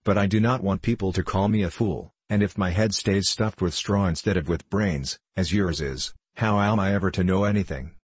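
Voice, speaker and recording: Husky, low-voiced gentle scarecrow of straw, read by a male narrator; dry, close sound. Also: moderate pace, hardly any pauses, dry recording. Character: friendly gentle brainless straw scarecrow man. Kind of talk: audiobook character voice.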